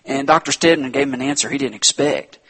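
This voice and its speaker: Impassioned husky male preacher. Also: mid-range voice, quick pace. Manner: impassioned, swinging from loud appeals to hushed tones. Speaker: pastor. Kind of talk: sermon.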